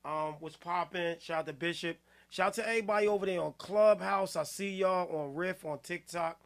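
A man hosting a music-review show in casual live-stream talk, laughing constantly, shouting "hey, yo" and repeating himself. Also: high voice, brisk, vocal fry. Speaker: podcast host reviewing music.

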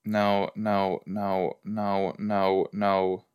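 A man's voice: fairly low pitch, completely flat delivery, drawn-out words, a little mellow, smooth. A man hosting a podcast, chatting casually and reacting aloud to a show as he watches it, with rambling asides. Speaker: podcast host.

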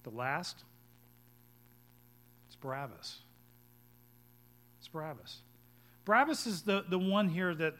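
A man preaching a sermon as pastor, swinging between hushed, low passages and loud, urgent ones.

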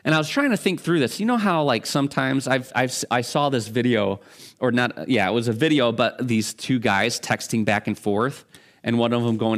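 A pastor with a medium-pitched voice preaches a sermon in a conversational, halting way, frequently restarting his sentences.

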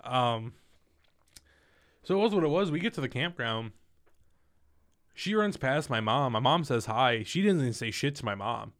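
A young man in his twenties telling a personal story in casual, profane, animated talk. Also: mid-range voice, normal speed, pauses often. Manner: candid, profane, animated retelling.

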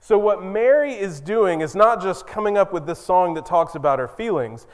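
A male pastor preaching a sermon in a conversational, storytelling way with emphatic moments. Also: high-pitched. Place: church sanctuary. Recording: long reverb in a church.

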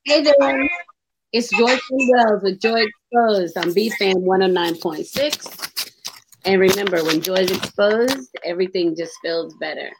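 A woman's voice: mid-range voice, measured pace, background noise. A woman hosting a radio talk show, chatting openly and expressively and laughing easily.

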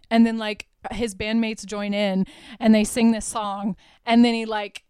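A woman hosts a casual solo podcast, recapping a film in a chatty, irreverent way with plenty of swearing. Her voice is smooth and clear. The recording is dry, with no room echo. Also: on the high side, fairly even intonation, a little slow, darkish tone. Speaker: podcast host.

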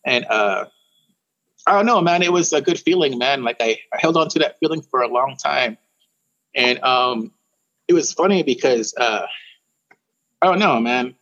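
A man from Warm Springs, Oregon, telling a story in a casual interview, often restarting and repeating words and calling the host "bro". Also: medium pitch, animated, moderate pace, long pauses, muffled recording. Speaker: guest musician.

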